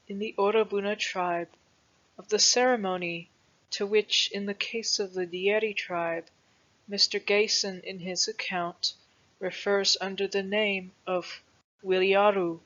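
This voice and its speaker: Woman, narrator, slow careful reading, dull muffled audio. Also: mid-range voice. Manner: slow, deliberate, even delivery. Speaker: narrator reading a historical text. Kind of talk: measured scripted reading.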